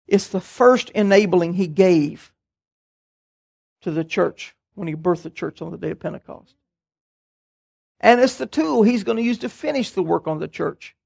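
An older man, preaching a sermon and telling stories in a folksy, animated way. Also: high voice, creaky. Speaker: pastor.

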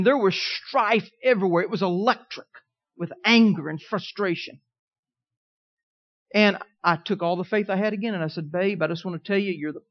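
In a lo-fi recording, a high-pitched male pastor preaches a sermon built around a folksy personal story. He swings from hushed asides to forceful declarations.

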